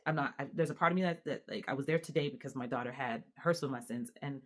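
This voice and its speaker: Low-voiced woman venting to camera. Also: fast talker. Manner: animated and exasperated, many restarts and fillers. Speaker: mother and vlogger. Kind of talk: casual venting monologue to camera.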